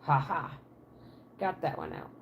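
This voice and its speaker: The audio is dull with a little background noise, and she speaks at a measured pace. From her apartment, this Pennsylvania woman with a Pennsylvania Dutch accent and Southern twang livestreams casually, answering viewer comments out loud.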